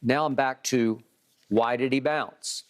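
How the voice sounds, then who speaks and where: A man hosting a sports debate show, speaking in a measured, methodical way as he breaks down his argument. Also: mid-range voice, fairly even intonation. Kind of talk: sports debate, reading quotes.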